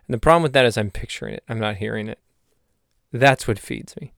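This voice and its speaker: A man hosting his podcast in a rambling, self-mocking comedic monologue with deadpan asides. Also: mid-range voice, fast talker, creaky, no room sound, studio quality. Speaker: podcast host.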